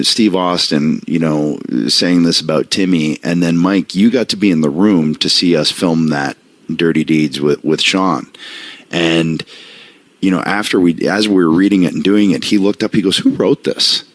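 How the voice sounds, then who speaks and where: A man's voice: low voice, moderate pace, no room sound. A man co-hosting a podcast, reminiscing in a rambling, casual way with frequent restarts. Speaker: podcast co-host. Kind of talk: casual chat.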